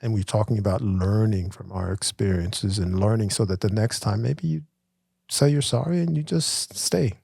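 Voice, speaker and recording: A middle-aged man co-hosting a casual conversation, talking in a thoughtful, halting and self-reflective way. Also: on the low side, vocal fry, mellow, breathy edge, no echo, clean studio sound. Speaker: podcast co-host.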